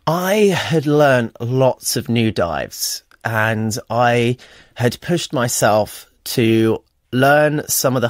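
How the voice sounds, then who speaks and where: Speaking at medium pitch, a young man from England in his twenties shares his story as a radio interview guest, sincere and frank, using many fillers. A studio microphone captures it with dry sound and no echo.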